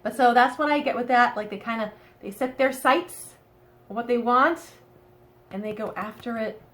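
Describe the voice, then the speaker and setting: A woman's voice: a little high, moderate pace, fairly bright tone. A woman with a Boston accent giving a chatty, rambling tarot reading to camera, often checking in with "okay?". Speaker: tarot reader.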